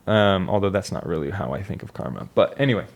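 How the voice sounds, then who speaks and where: A man's voice: low voice, lively intonation, fast talker. A young man talking casually and reflectively about his life, rambling with restarts and fillers. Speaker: vlogger. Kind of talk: casual personal monologue.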